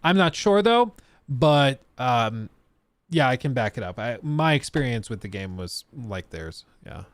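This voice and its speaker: A man's voice: medium pitch, animated, measured pace, no echo. A young man streaming live, chatting casually and laughing as he reacts to a game trailer and explains technical details.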